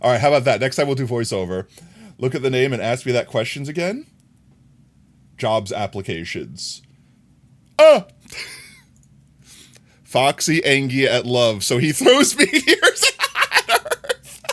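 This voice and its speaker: Chatting casually with viewers on a live stream, a man teases playfully, laughs often, and breaks into high squeals. He's very animated but a little slow, pausing often.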